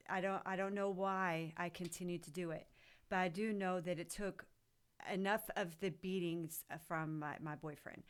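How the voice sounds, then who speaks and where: Low, smooth-voiced woman telling her story. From Missouri. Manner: halting, with many ums and restarts. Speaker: co-host sharing her recovery story. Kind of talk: personal testimony.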